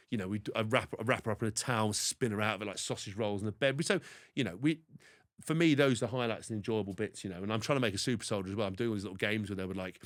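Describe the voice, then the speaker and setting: Podcast guest: man, forties, from England, quick and low, rambling storyteller with lots of restarts. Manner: rambling, animated anecdotes with frequent restarts. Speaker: podcast guest, former rugby player. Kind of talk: casual interview storytelling.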